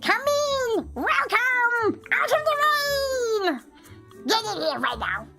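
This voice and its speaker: A woman voicing an eccentric old witch who welcomes guests into her woodland cottage, pushy and theatrical, swinging from hushed coaxing to shrill gremlin outbursts. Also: sing-song, slow pace, faint music behind, exaggerated voice. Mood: shrill, manic.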